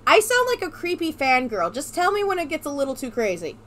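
A woman streaming a video game, chatting excitedly with her co-host and breaking into squeals. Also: sits high, brisk, slight background noise. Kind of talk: casual game stream chat.

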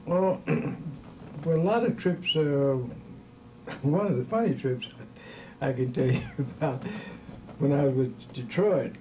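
A man's voice: fairly high pitch, slow pace, long pauses, darkish tone, a little hiss or hum, poor audio. An older man, a former ballplayer, telling stories from his career in a folksy, rambling way, chuckling as he goes. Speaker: former baseball player. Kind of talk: storytelling in an interview.

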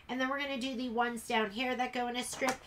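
A woman's voice: fairly high pitch, fairly even intonation, fast, background noise. A woman teaching a casual sew-along in her sewing room, chatty and rambling as she works. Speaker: sewing instructor.

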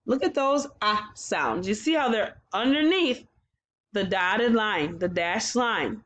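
Slow, encouraging woman teaching young children. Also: mid-range voice, lively intonation, a bit bright. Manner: slow, encouraging, sounds out letters. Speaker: kindergarten teacher. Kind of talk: phonics lesson for young children.

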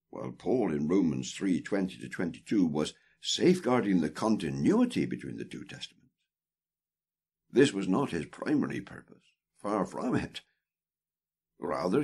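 A man reading a theology book aloud as an audiobook, in a deliberate, emphatic manner that stresses key words. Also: low-pitched, gravelly, a little mellow, slightly rough. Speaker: audiobook reader.

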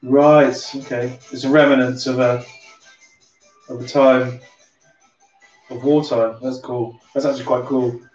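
A man with a light Somerset twang hosts a relaxed drink-along stream and chats on in a loose, rambling way. He sounds set back from the mic in an echoey room. The audio is slightly dull, with faint music underneath. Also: mid-range voice, unhurried, pauses often. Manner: chatty, rambling, swears casually. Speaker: livestream host. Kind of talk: casual drink-along chat. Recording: roomy, distant, dull sound with music behind.

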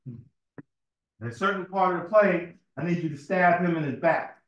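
Speaking unhurriedly in an animated, high-sitting voice, a man tells personal stories during an informal temple sermon, frequently repeating words and asking his audience "right?". The lo-fi audio was captured in an echoey room.

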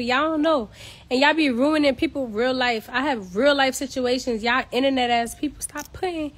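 This high-pitched, somewhat bright voice belongs to a Queens, New York woman who is a social media personality. She's ranting bluntly and in exasperation during a casual at-home phone livestream.

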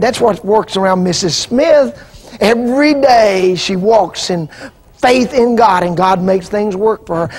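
A man preaching an impassioned sermon that rises into shouts and calls for the congregation to answer. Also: high-pitched, husky. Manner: impassioned, rising into shouts and call-and-response. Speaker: pastor. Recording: archival 2000 TV broadcast.

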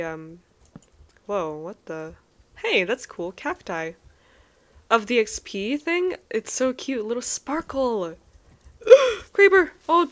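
A young woman giving casual gameplay commentary as a let's play host, excitable, with frequent gasps and exclamations. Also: mid-range voice. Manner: excitable, gasping and exclaiming often.

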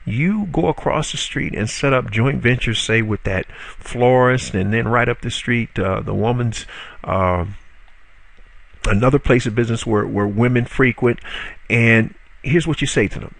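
A man's voice: medium pitch, moderate pace, gravelly, fairly bright tone. A man giving a spoken marketing tutorial in a conversational, salesy way, with frequent fillers, self-corrections and rhetorical questions to the viewer. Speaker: online marketing instructor.

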